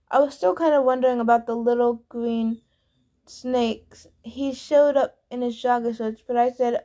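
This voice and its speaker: A woman's voice: a little high, fairly even intonation, moderate pace, warm tone, lo-fi sound. A woman reading a novel aloud in the first person, plainly and with small stumbles. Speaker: reader. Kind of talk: audiobook narration of a novel.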